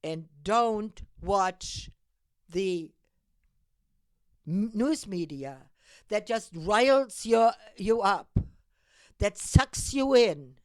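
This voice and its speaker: Speaking to camera on her own civic call-to-action program, a woman from Europe gives a passionate monologue urging viewers to engage. Her medium-pitched voice has lively intonation, drawn-out words and long pauses, in a dry recording. The delivery is urgent and exhorting, full of emphatic repetition.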